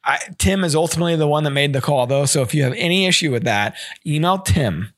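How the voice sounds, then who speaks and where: A man's voice: a little high, fast, a bit bright, no echo. A man hosting a hunting podcast, bantering casually and laughing often. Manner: jokey, laughs a lot. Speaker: podcast host.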